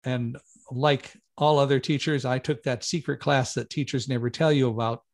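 A middle-aged man telling a personal story as an interview guest, lively, acting out quoted lines with raised voice. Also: moderate pace. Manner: animated, raises pitch and volume for quoted lines. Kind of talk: conversational storytelling.

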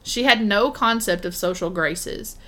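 A woman's voice: mid-range voice, measured pace, fairly bright tone. A woman co-hosting a podcast, joking, swearing and laughing in casual chat. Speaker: podcast co-host.

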